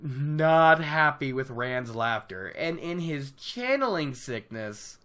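A host giving a casual book recap, animated and opinionated, laughing often. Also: mid-range voice, slow pace.

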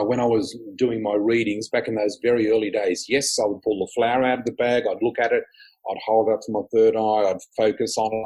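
Husky man telling stories. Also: fairly low pitch, poor audio. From Australia. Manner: animated storyteller, often laughing, acts out quotes. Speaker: guest psychic. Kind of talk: casual interview chat.

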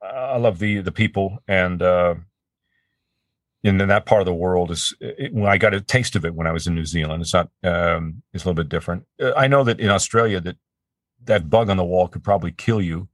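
A man with a very low, deep voice talks as a guest on an interview. He rambles happily, restarts his sentences often and laughs easily. The sound is dry and close, with no room around it. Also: fairly quick, dry recording. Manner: chatty, laughing, frequent restarts. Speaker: voice actor guest. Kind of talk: casual interview chat.

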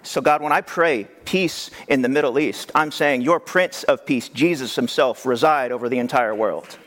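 A male pastor preaching a sermon in a conversational, animated way, with rhetorical questions. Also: moderate pace, slight background noise. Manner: animated, acts out quoted voices with big pitch jumps.

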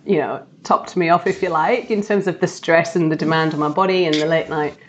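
A woman's voice: low voice, brisk, dull audio, a little hiss or hum. A woman, a podcast guest chatting candidly in a casual interview, full of fillers. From Australia.

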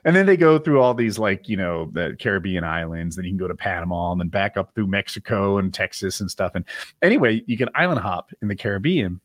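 A man's voice: low voice, lively intonation, fast talker, dry recording, studio quality. A man in casual chat who rambles, swears and laughs often, acting as a podcast co-host.

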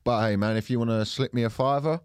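A man's voice: mid-range voice, quick pace, clear, resonant tone, dry recording. A man co-hosting a podcast, ranting and swearing in a casual studio chat. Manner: ranting, swearing, animated storytelling. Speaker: podcast co-host.

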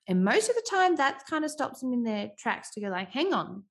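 A woman's voice: high voice, big pitch swings, a little fast, hardly any pauses. A woman, speaking earnestly and reflectively about parenting, often restarting her sentences. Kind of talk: casual talk on parenting.

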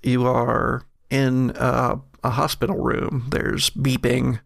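Slow, gravelly game master. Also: male voice, mid-range voice, flat delivery, no room sound, clean studio sound. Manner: slow, hesitant, descriptive. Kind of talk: narrating a tabletop horror game.

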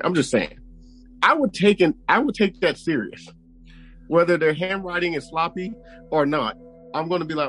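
A man's voice: fairly high pitch, lively intonation, normal speed, a bit bright, faint music behind, rough recording. A man co-hosting a true crime podcast in casual chat, reacting with jokes and then arguing earnestly. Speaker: podcast co-host.

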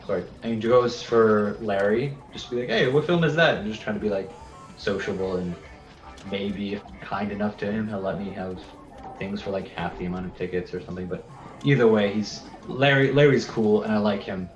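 Distant player, low voice. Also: male voice, steady tone, moderate pace, faint music behind. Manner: hesitant, casual, thinking aloud. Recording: distant, roomy, dull mic.

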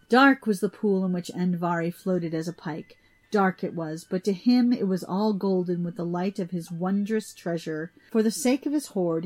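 A woman reads an old myth aloud at a steady, deliberate pace. Her narration is even and plain, with a few small restarts. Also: medium pitch. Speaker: storyteller. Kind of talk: storybook reading of a myth.

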